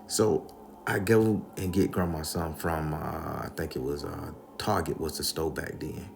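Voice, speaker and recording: A man's voice: rumbling low, fairly even intonation, normal speed, gravelly, noisy background. A man telling a spooky story casually and profanely, addressing the listeners directly. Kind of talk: comedic spoken storytelling.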